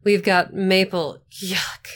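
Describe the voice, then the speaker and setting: A woman's voice: mid-range voice, level tone, slow, lightly acted. An actress playing a passionate, opinionated young woman who argues earnestly. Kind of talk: adult audio role-play.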